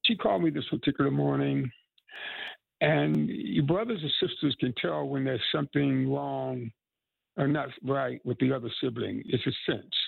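A man's voice: mid-range voice, normal speed, creaky, slightly rough, dry recording, narrow, tinny audio. A man in his eighties from North Carolina, telling heartfelt stories in an earnest interview. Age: 80s. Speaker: musician and activist.

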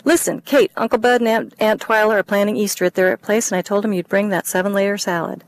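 A woman's voice: mid-range voice, brisk, close to an everyday voice. A woman reading aloud, voicing a pushy sister who lectures her sibling. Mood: bossy. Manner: scolding, pushy. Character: bossy lecturing older sister.

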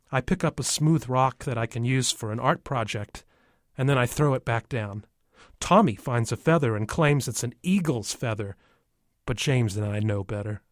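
A man calmly narrating a first-person story from a child's view. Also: mid-range voice, no echo, clean studio sound. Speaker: audiobook narrator.

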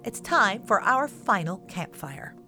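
A woman's voice: mid-range voice, big pitch swings, a little slow, bright, forceful tone, soft background music. A woman hosting a children's show, giving upbeat scripted narration and speaking straight to young listeners.

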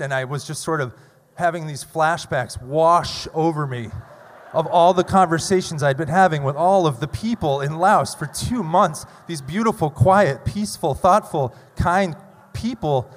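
A man in his thirties telling a funny, self-deprecating story live on stage at a story slam, with loud bursts. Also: a little high. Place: large theater stage. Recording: long hall reverb.

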